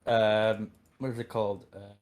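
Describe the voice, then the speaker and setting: A man's voice: fairly low pitch, flat delivery, unhurried, background noise. A man playing a tabletop game, chatting casually and asking out-of-character questions. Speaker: player.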